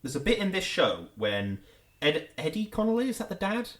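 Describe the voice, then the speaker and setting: Animated man ranting casually. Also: high voice, normal speed. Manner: animated, exasperated, laughing rants. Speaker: podcast co-host. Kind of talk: casual chat.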